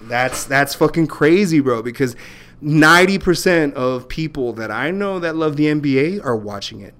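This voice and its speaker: A man with a fairly high voice argues hard in a loose podcast chat. He sounds exasperated and emphatic, swearing freely and calling his co-host "bro". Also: expressive, moderate pace, fairly bright tone, clean tone. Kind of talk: casual argumentative chat.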